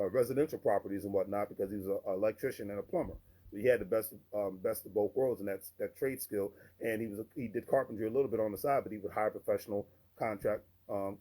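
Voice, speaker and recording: A man's voice: on the low side, warm tone, husky. A man hosting his own channel, giving a casual rant to camera that rambles and repeats itself, with fillers like "and whatnot". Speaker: channel host.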